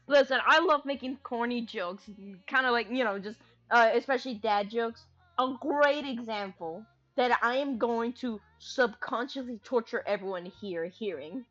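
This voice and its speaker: Woman streamer, high voice, giggly and sweary, casual rambling chat, dull lo-fi audio. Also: moderate pace, fairly bright tone. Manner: giggly, swears freely, jokey.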